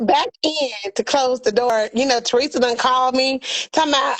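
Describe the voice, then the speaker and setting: A somewhat high-voiced woman tells a family story in a loose, casual way. She is animated and slips into the voices of her relatives as she goes. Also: moderate pace, rough recording. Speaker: podcast co-host.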